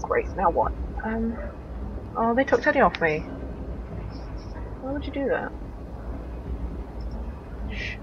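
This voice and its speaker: A woman's voice: fairly high pitch, sing-song, slow, long pauses, lo-fi sound, background noise. A young woman giving let's play commentary on a horror game, talking to herself, swearing and exclaiming when startled.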